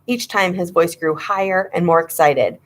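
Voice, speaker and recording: A woman's voice: fairly low pitch, normal speed. A woman narrating a children's horror story, reading with dramatic suspense. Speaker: audiobook reader.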